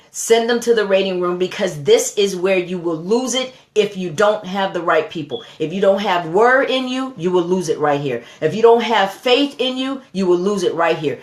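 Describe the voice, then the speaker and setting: A woman's voice: on the low side, echoey room. A woman giving a motivational sermon, repeating phrases and building to fervent emphasis. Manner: preachy, repetitive call-and-response, rising to fervent emphasis. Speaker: motivational speaker.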